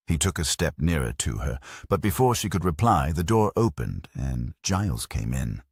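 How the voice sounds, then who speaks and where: A man narrates a mystery novel in an extremely deep, husky voice. His reading is measured, with lively rises and falls. The sound is dry and close. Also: no echo. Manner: measured storytelling delivery. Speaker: audiobook narrator.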